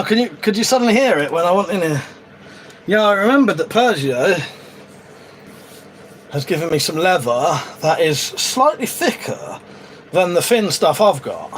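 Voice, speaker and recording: A man's voice: fairly high pitch, a little hiss or hum. A man hosting a casual live stream from his shed, rambling and swearing offhandedly as he chats to viewers. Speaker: livestream host. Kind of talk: casual live-stream chat while crafting. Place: shed, outdoors.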